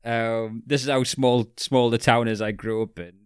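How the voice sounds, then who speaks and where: A man's voice: mid-range voice, steady tone, normal speed, smooth, no echo, studio quality. A man co-hosting a podcast, telling rambling stories in casual chat and laughing through them. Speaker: podcast co-host.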